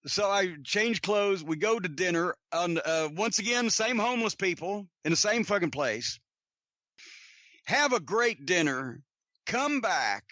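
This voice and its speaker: Male podcast host, high and bright, profane rambling storyteller. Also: no room sound, studio quality. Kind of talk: casual storytelling.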